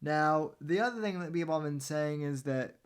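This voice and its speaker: A man hosting a podcast, giving casual political commentary in a meandering, halting way with sarcastic asides. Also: on the high side, clear, resonant tone. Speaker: podcast host.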